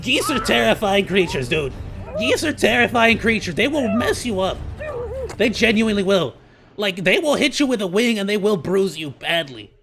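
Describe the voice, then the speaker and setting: A high-pitched man commenting on clips in a live stream, excitable and joking, laughing often. His voice is bright and swings widely, with faint music behind. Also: moderate pace, creaky.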